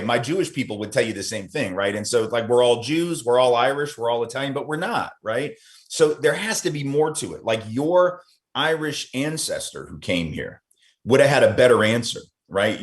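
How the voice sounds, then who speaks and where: Interview guest: American man, low-pitched voice, animated storyteller who acts out quotes, many ums and self-corrections. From United States. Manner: thinks aloud with frequent ums and restarts. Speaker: podcast guest, anti-racism author and speaker. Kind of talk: conversational interview.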